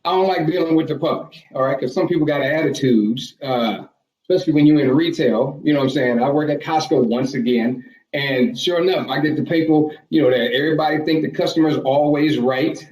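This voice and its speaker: A man doing a stand-up bit on video, animated and mocking as he talks back to imagined customers. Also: fairly high pitch, a little fast. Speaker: stand-up comedian. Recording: echoey room, far from mic.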